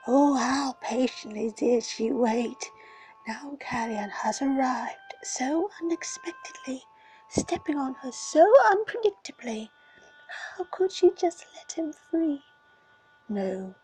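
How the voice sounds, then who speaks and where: A woman reading a fantasy story aloud in a breathy, dramatic whisper. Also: fairly high pitch, expressive, takes it slowly, darkish tone, faint music behind, rough recording. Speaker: reader.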